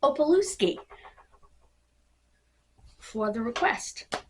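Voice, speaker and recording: A woman casually recapping a wrestling event as the host of her vlog, halting with many ums and hiccupping. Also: a little high, animated, a little hiss or hum. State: hiccupping, coughing.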